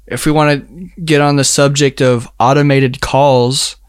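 A young man talks in a loose, rambling way, piling up filler words and breaking into laughs. His voice is smooth and clean, recorded close and dry with no room sound. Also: mid-range voice, little pitch movement, unhurried, no room sound. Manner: rambling, filler-heavy, laughs while telling a story. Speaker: storyteller in a casual chat. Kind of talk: casual chat.

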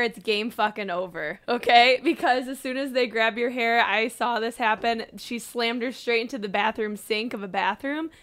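A woman's voice: on the high side, a bit bright. A woman in a casual group chat who is blunt and swears for emphasis.

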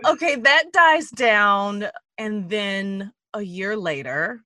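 A woman's voice: mid-range voice, takes it slowly, sharp tone, no room sound, clean studio sound, faint music behind. A woman hosting an interview, asking casual questions, laughing and swearing freely. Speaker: podcast host interviewer.

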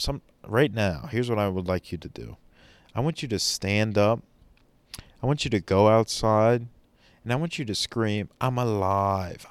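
A man's voice: on the low side, no echo. A man hosting a solo podcast, rambling in an enthusiastic, preachy motivational way. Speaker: podcast host.

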